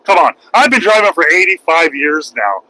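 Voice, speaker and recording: Middle-aged man, loud profane livestream rant, bright forceful tone. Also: a little high, very animated, normal speed, rough recording. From United States. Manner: loud, profane and mocking, swings into shouting. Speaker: truck driver and livestreamer.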